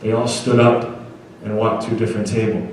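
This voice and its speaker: A man's voice: on the low side, flat delivery, brisk, darkish tone, slight background noise. A man giving a motivational storytelling talk to schoolchildren at an assembly, earnestly asking the crowd to agree with him. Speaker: motivational speaker. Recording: very echoey hall, voice from far off.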